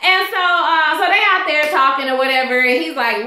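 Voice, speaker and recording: A woman's voice: high-pitched, normal speed, hardly any pauses, pushed and bright. A woman giving a casual, rambling recap of a TV episode, full of fillers and asides. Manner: chatty, rambling, fillers like "you know what I'm saying". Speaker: TV show reviewer. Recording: echoey room.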